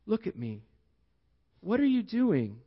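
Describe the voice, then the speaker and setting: Male preacher reading a loving father begging his son to come home, soft and slow, echoey lo-fi hall. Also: fairly high pitch, very animated. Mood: tender. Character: tender African father pleading with his lost son. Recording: echoey hall, dull lo-fi sound.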